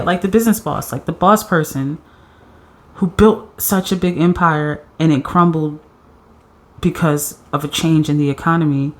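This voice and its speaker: A woman doing a pick-a-card tarot reading, excitable and slangy, often laughing and acting out quotes. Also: low voice. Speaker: tarot reader.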